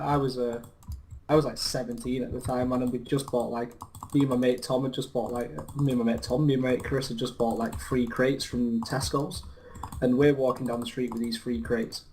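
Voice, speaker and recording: A man's voice: mid-range voice, a little mellow, a little hiss or hum. A young English man in laddish game chat with a middling voice, telling boastful stories. Faint keyboard clicks and typing sit behind him. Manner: laddish, boastful storytelling with laughs. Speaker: co-host. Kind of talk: casual chat over gameplay.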